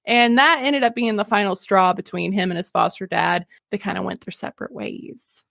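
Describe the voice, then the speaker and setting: A woman hosting a casual history podcast, telling the story in an animated, jokey way with laughs and swearing. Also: medium pitch, moderate pace, creaky, no echo, studio quality. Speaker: podcast host.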